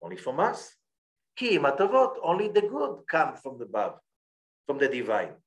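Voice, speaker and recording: A man giving a Torah class, his voice sitting a little high for a man. He reads Hebrew lines at speed, then slows down to explain them in plain English, with a frequent "okay?" to his listeners. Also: wildly swooping pitch. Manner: checks in with listeners by saying "okay?". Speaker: rabbi teaching Kabbalah.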